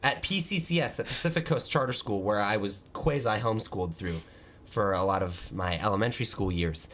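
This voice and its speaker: A man hosting a podcast, telling an animated, self-mocking story in casual chat. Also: lowish voice, brisk. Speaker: podcast host.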